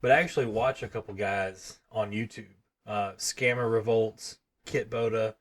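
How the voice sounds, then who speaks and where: A man's voice: on the low side, steady tone, normal speed. A man co-hosting a casual podcast, talking easily and laughing often. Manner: laid-back, laughs often. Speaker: podcast co-host. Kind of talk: casual chat.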